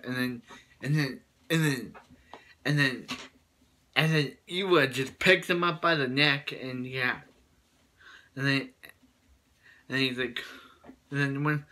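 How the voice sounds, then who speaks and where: A man's voice: mid-range voice, pushed and bright, a little hiss or hum. A man casually recapping a cartoon episode in a rambling way, full of fillers and restarts. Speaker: show reviewer.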